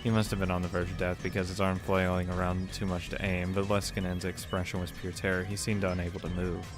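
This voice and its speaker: Flat, low-voiced man reading a game aloud. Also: fast talker, over music. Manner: stumbles and restarts words, swears in asides. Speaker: let's play narrator. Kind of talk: reading a visual novel aloud with casual commentary.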